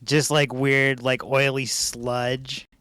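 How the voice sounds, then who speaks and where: A man's voice: medium pitch, little pitch movement, slow pace, bright, forceful tone, smooth, dry recording, studio quality. A man co-hosting a podcast in casual chat, joking and mocking, laughing often between lines. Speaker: podcast co-host.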